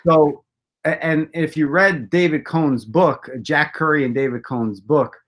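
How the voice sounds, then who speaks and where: Man, casual talk guest, storyteller with jokes, a bit high-pitched. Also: steady tone, measured pace, fairly bright tone. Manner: rambling storyteller with self-deprecating jokes. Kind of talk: casual chat.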